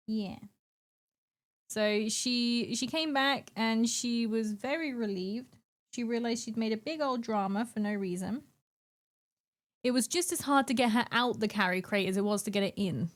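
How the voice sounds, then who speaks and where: A woman's voice: fairly high pitch, measured pace. A young woman chatting casually with her stream viewers from home, giggly and chatty, greeting people by name and cooing baby talk to her cat. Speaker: live streamer.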